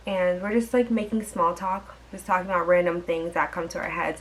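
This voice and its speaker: A woman's voice: fairly low pitch, low-quality recording. A young woman vlogger telling a dating story in a chatty, exasperated way, full of fillers and asides. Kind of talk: storytime vlog.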